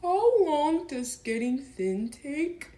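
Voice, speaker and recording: Squeaky, slow, fretful storybook bear, played by a woman; high whiny voice. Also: sing-song, roomy sound, exaggerated voice. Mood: plaintive. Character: honey-loving male bear, plump, anxious and wistful.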